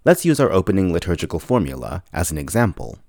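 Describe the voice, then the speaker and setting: A man narrating a scripted podcast lesson in a measured, explanatory way, spelling words out slowly. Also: deep voice, big pitch swings, vocal fry, a little mellow, no echo, studio quality. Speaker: podcast teacher.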